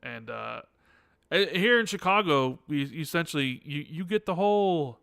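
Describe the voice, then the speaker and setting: Gravelly, bright-voiced podcast host. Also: male voice, a little high, lively intonation, normal speed, no echo, studio quality. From United States. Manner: joking, sarcastic, with frequent restarts. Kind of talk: casual chat.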